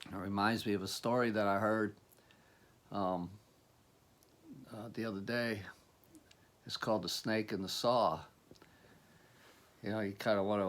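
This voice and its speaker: A man's voice: lowish voice, unhurried, pauses often. A man giving a motivational talk as a life coach, earnest and rambling, with many restarts.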